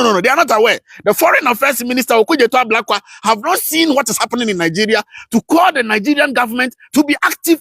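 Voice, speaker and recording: Fired-up high-voiced man ranting. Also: slightly rough, no room sound. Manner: passionate, scolding, rhetorical questions, swings from shouting to muttering. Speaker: political commentary host. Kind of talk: live-streamed political rant.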